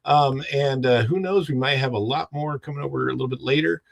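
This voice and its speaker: A man's voice: medium pitch, fairly quick, gravelly, dry recording. A man hosting a casual home livestream who rambles and greets chat viewers one by one. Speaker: livestream host.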